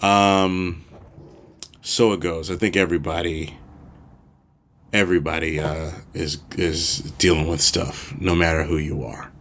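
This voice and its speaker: Podcast host, male, very low voice, relaxed rambling solo chat with casual swearing. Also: measured pace. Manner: rambling, loose, swears casually, laughs easily.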